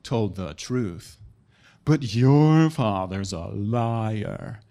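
A preacher playing a sinister robed male warlock who speaks low, slow and drawn out. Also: warm tone. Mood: slow, menacing.

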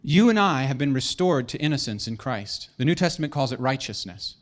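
A man's voice: mid-range voice, lively intonation, fairly quick. A man preaching a sermon with emphatic delivery and playful joking asides.

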